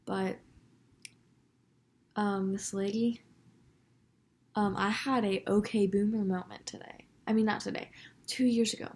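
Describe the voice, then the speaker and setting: A woman's voice: mid-range voice, flat delivery, a little mellow. A teenage girl vlogger telling a story to camera in a chatty, casual way. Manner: chatty, quick, quotes people with put-on voices.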